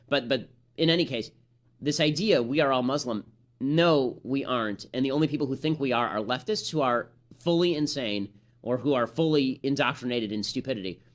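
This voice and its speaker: A man giving a rapid, combative and sarcastic political commentary monologue, often restarting his phrases. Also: medium pitch.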